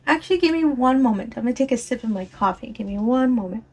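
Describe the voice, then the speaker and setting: A woman's voice: on the high side, lively intonation, fast talker. Chatty woman with strained voice. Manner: rambling, chatty, apologetic, laughs often. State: slightly strained voice from allergies. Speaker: crafting vlogger. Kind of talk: casual chat while diamond painting.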